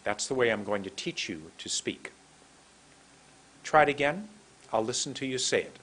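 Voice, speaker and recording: A man teaching English pronunciation in a lesson, speaking slowly and deliberately as he demonstrates words one at a time. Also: mid-range voice, lively intonation, a bit bright, breathy edge. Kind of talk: instructional lesson, slow drills.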